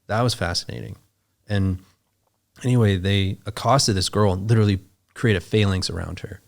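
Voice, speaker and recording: A man with a low, deep speaking voice recounts a story as a podcast guest. He talks casually, circles back, restarts his sentences and swears freely. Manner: rambling, self-interrupting, swears freely. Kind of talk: conversational storytelling.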